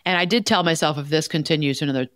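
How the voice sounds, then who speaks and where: A woman's voice: sits low, very fast, a bit bright, no echo, clean studio sound. A woman co-hosting an advice podcast as a life coach, talking in an emphatic, direct way and telling stories with animation.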